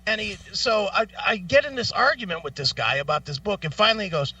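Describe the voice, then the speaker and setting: A man's voice: high voice, fast talker, few pauses, sharp tone, dry recording, recorded from a distance. A middle-aged man co-hosting a radio show, telling stories in a casual, profane way and laughing as he goes. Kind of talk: casual on-air storytelling. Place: radio studio. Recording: dull, off-mic studio audio.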